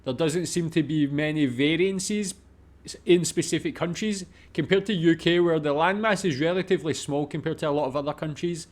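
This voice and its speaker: A man's voice: on the high side, fairly quick. Rambling man reacting to a video. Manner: thinking aloud, rambling with many fillers. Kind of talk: casual reaction commentary.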